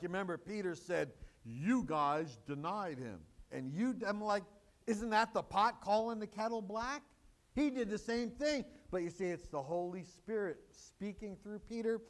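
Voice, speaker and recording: High-voiced man preaching emphatically. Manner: emphatic preaching, rising to loud exclamations; conversational asides and rhetorical questions. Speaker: pastor. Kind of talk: sermon.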